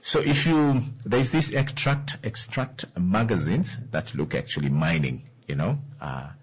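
Male host, deep husky voice, animated solo commentary to listeners. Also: measured pace, rough recording. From Namibia. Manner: repeats key phrases, asks the listener questions. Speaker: radio or podcast host.

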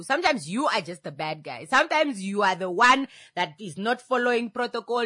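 Brief: lively woman radio host, animated and teasing, close studio mic. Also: mid-range voice, no room sound. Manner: animated, teasing, preachy, laughs often. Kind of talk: radio talk show monologue.

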